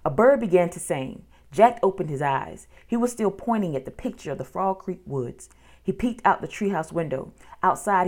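Low-voiced woman reading a children's book. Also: darkish tone. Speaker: storyteller.

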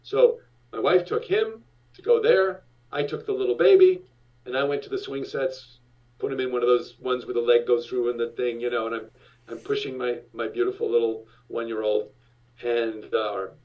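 A man's voice: medium pitch, moderate pace. An older man spinning a long anecdote as an interview guest, restarting sentences and voicing the people in his story. He sits away from the microphone, so he sounds distant. The recording is dull and lo-fi. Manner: rambling, restarts, lively voiced-out quotes. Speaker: actor guest recalling his TV show.

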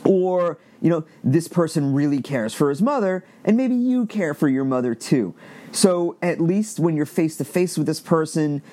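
A middle-aged man from Long Island with a slight Long Island accent, talking in a rambling, animated monologue and swearing freely as a podcast host. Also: on the high side, moderate pace. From Long Island, New York. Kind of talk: casual opinion monologue.

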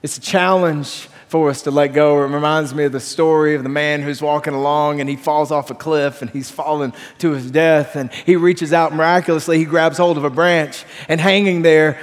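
A man preaching a sermon as pastor, energetic and telling stories with voiced quotes. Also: on the high side, normal speed, big-room sound. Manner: energetic, storytelling with acted quotes.

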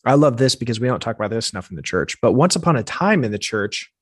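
A man's voice: medium pitch, sing-song, quick pace, husky, no echo, studio quality. Earnest man co-hosting a faith podcast. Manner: earnest, summarizing, reflective. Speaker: podcast co-host. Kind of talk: casual faith podcast discussion.

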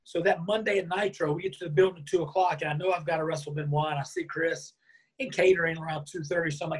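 Husky man telling a lively story. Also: fairly high pitch, rapid-fire. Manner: lively anecdote-telling, acts out quoted lines. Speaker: interview guest. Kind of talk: storytelling in a conversation.

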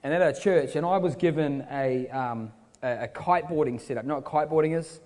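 New Zealand preacher in a reverberant hall. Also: male voice, on the high side, a little fast, darkish tone. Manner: casual, joking asides to the crowd. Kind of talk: sermon with storytelling.

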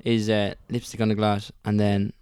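A man, a band member guesting on a podcast, joking and swearing in lively chat. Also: lowish voice, moderate pace, clean tone, no room sound, studio quality. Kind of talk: casual chat.

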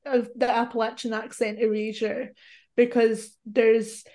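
A woman speaking on a casual podcast, her voice sitting a touch high. She talks earnestly, repeating herself as she works out a thought. Her tone stays relaxed and conversational. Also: unhurried. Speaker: guest podcast host.

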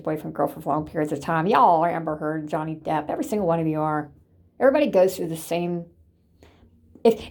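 A woman's voice: on the low side, vocal fry. A woman talking casually to camera in a rambling, chatty way, laughing often and sometimes dropping to a whisper. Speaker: vlogger. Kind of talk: casual vlog chat.

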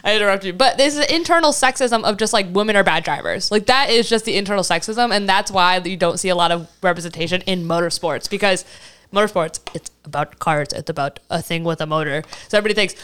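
A young woman co-hosts a casual chat show and talks with heat and emphasis, breaking into laughter now and then. Her voice is smooth and clear, at a middling pitch for a woman. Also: quick pace, a bit bright. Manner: heated, emphatic, laughs often. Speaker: podcast co-host.

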